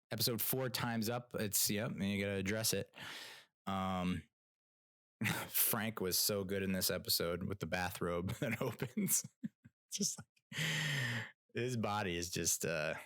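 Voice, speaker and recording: Young male podcast host, lowish voice, loose rambling delivery, dry close recording. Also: a bit bright, no room sound. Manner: rambling, frequent restarts and fillers, laughs at own jokes, swears casually. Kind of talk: casual solo commentary.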